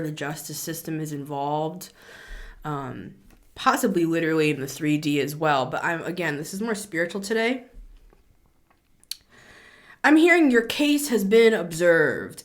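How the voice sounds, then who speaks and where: Woman, tarot reader, chatty, lively pitch, laughs often. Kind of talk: casual spiritual tarot reading to camera.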